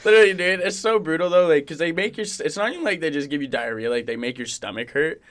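A man's voice: on the high side, lively intonation, fast talker, a bit bright. A young man co-hosting a podcast, rambling in casual banter, laughing often and swearing a lot. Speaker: podcast co-host.

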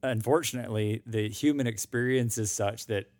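This man co-hosts a finance podcast in easygoing chat. He circles back, restarts phrases and throws in emphatic asides. His voice sits at a middle pitch, recorded close and dry. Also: moderate pace, a little mellow, no echo. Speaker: podcast co-host. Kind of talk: casual chat. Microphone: new microphone.

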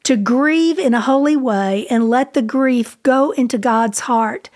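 A woman telling a personal story in a conversational, expressive way, as a co-host of a ministry talk. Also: high-pitched, measured pace. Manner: conversational, expressive, drops to a whisper when quoting.

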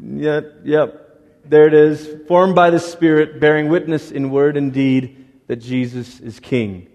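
Man, pastor, middle-aged, sermon, a bit high-pitched, animated, echoing church hall. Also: unhurried. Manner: animated, acts out voices of Moses and God. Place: church sanctuary. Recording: long reverb of a church hall.

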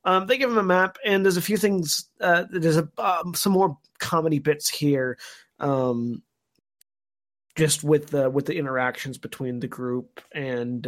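A man co-hosting a podcast, recapping an episode at length in a thoughtful, filler-heavy way. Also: fairly high pitch. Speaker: podcast co-host. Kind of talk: casual podcast discussion.

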